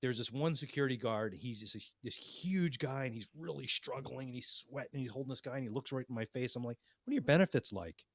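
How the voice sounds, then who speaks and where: A man at middle pitch spins a profane, self-mocking story in casual chat. The sound is dry and close, with no room around it. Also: fast talker, few pauses, no echo. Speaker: podcast co-host.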